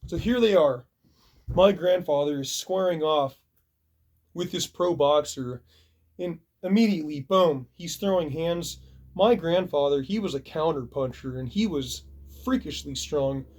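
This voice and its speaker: A man's voice: a little high, measured pace, darkish tone. A man vlogging, telling a story casually and acting out the punches with sound effects. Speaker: video reviewer.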